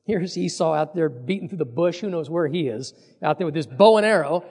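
A man preaching with a high, very lively voice that swoops up and down as he acts out the people in the passage. His words ring out into a long, echoing hall. He talks in the plain way of a pastor to his congregation. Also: fairly quick. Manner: animated, acts out quoted speakers with voice changes. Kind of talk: sermon reading and explaining scripture.

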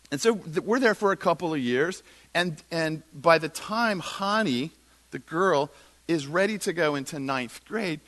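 A man's voice: a little high, a bit bright. A middle-aged male pastor preaching a sermon, telling stories animatedly and acting out dialogue.

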